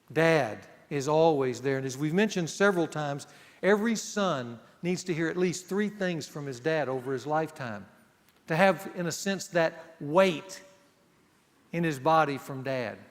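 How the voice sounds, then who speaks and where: A man teaching a men's group in an earnest sermon, dropping to a hushed voice to drive points home. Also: a little high. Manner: earnest, drops to a hushed voice for emphasis. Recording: long hall reverb.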